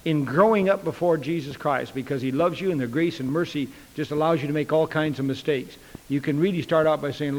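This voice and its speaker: A folksy preacher man delivering a sermon, his voice sitting a little high for a man. He acts out each conversation he tells, and a long reverb from the hall trails behind his words. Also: a little fast.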